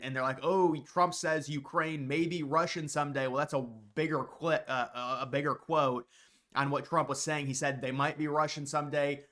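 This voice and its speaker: A man's voice: medium pitch, bright, forceful tone. A man giving opinionated, off-the-cuff political commentary with frequent restarts. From United States.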